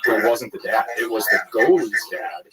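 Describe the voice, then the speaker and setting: A middle-aged man with a lowish voice, easygoing as he tells wry stories in casual talk. A loud crowd roars behind him. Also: expressive, a little fast, poor audio. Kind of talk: casual podcast chat.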